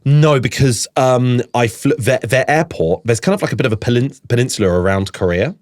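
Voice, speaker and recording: A man co-hosting a podcast, chatting casually and telling animated anecdotes with frequent restarts. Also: medium pitch, a little fast, no room sound, studio quality. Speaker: podcast co-host. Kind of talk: casual chat.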